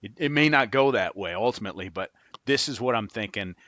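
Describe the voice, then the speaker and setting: A man with a lowish, bright, forceful voice tells stories as an interview guest, acting out the dialogue and laughing often. The sound is dry and close. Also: fairly quick, no room sound, lo-fi sound. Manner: animated storyteller, laughs often, acts out dialogue. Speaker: guest, former FBI agent. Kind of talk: storytelling in a podcast interview.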